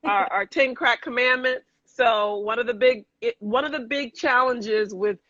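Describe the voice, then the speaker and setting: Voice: mid-range voice, measured pace, sharp tone, dry recording, lo-fi sound. A Southern host running a casual interview on a video call, speaking in an agreeable way with many fillers. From American South. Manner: friendly, agreeable, filler-heavy.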